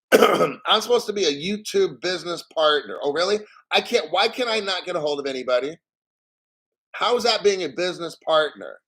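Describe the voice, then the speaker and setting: A man hosting a crypto channel, ranting bluntly and profanely about banks and the platform while reading out an article, often clearing his throat. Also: high-pitched, animated, normal speed, a bit bright.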